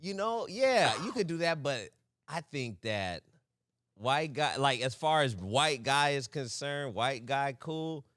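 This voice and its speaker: A man co-hosting a podcast, teasing in casual banter and laughing loudly. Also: medium pitch, animated, takes it slowly, no echo, studio quality. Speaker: podcast co-host.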